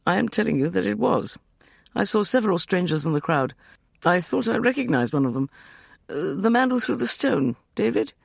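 Audiobook: male reader as a terse young man, husky. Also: high-pitched, sing-song, normal speed, no echo, studio quality, pitched above the performer's own voice, exaggerated voice. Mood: resentful. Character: resentful sharp young man.

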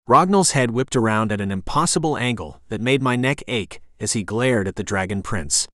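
A man reading a first-person fantasy audiobook in a measured, dramatic storytelling manner. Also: fairly low pitch, animated, fairly bright tone, no room sound, clean studio sound. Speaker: audiobook narrator.

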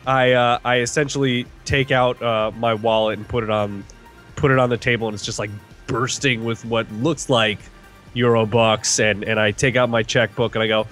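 A man's voice: medium pitch, level tone, moderate pace, a bit bright, faint music behind. A man playing a tabletop role-playing game, laid-back and casually profane. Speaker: player.

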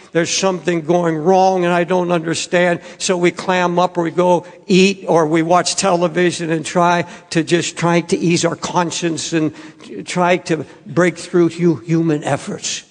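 An older male pastor preaching a sermon in an earnest, pleading way, with quiet, halting passages. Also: high voice, little pitch movement, long reverb tail.

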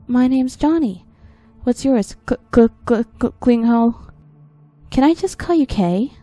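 A woman voicing an excitable, strange young boy in a creepy story reading, with a high, overexcited delivery. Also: unhurried, no room sound, faint music behind. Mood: triumphant.

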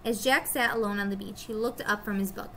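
A woman teacher reading a children's chapter book aloud to her students, expressive and storytelling. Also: mid-range voice, a little fast, a little hiss or hum.

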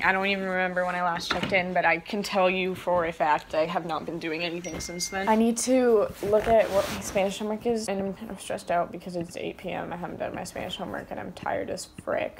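A woman's voice: medium pitch, fairly even intonation, fairly quick, background noise. Rambling, swearing teenage girl vlogger. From United States. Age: teens. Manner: rambling, swears casually, anxious. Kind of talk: casual vlog.

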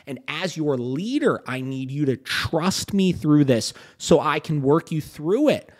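A man's voice: on the high side, lively intonation, unhurried. A man who is a dog trainer, talking casually and emphatically on a podcast and often checking in with "right?". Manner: emphatic, keeps asking "right?".

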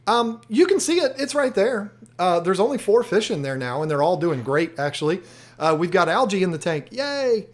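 A man hosts a live aquarium stream, talking in a loose, rambling way and cracking jokes as he answers his viewers. His voice sits a touch on the high side for a man. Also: animated, fairly quick. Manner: rambling, joking, chatty, reads comments aloud. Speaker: aquarium channel host doing a live stream. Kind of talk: casual live-stream chat reading viewer comments.

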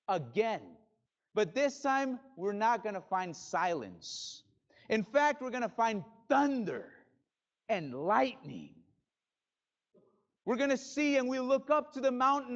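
High-voiced man preaching slowly. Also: muffled recording. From Spanish-speaking background. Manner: dramatic, builds to loud bursts then drops quiet. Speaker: pastor. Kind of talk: sermon. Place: church sanctuary.

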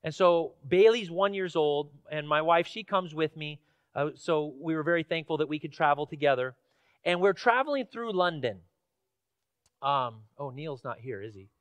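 A man from Washington State preaches in a church, his voice notably high. He tells stories in a relaxed, chatty way with ums and uhs, then presses emphatic questions. The sound is close and dry. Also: normal speed, no echo, dull audio. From Washington State, USA. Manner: conversational storytelling with fillers, rising to emphatic questions. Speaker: pastor. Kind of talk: sermon. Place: church sanctuary.

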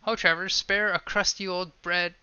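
A man's voice: high voice, flat delivery, normal speed, pushed and bright, clear, resonant tone, dull audio. A man voicing a haggard old witch who curses travelers in archaic, mock-solemn speech. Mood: menacing.

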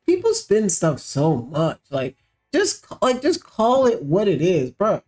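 A man's voice: high voice, wildly swooping pitch, a little slow, a little mellow. A man hosting a commentary show, mocking and sarcastic, mixing slang with asides, with faint music behind. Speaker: show host.

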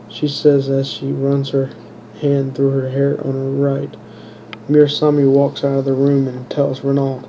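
A man reading his own fantasy story aloud in a plain, monotone way, stumbling and restarting now and then. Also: mid-range voice, measured pace, dull audio, slight background noise. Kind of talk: unpolished audiobook narration.

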